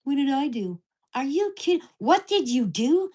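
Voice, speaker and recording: A woman's voice: sits high, sing-song, measured pace, warm tone. Blunt, profane woman ranting at home. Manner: blunt, profane, heated storytelling. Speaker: vlogger. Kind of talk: casual ranting vlog.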